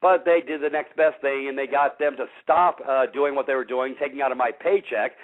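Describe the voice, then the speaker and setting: A man's voice: medium pitch, a little fast. A man hosting a radio show, talking bluntly and combatively to his listeners and calling them folks. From Missouri. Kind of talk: casual talk radio monologue. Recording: tinny phone-line radio audio.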